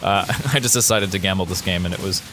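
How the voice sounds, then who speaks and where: This low-voiced man designs games and talks through how they're made in laid-back commentary over footage, with music playing. His delivery is animated and peppered with rapid exclamations.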